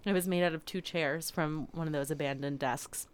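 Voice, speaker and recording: A woman telling a story in casual chat, animated and laughing often. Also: low-pitched, normal speed, a crowd in the background.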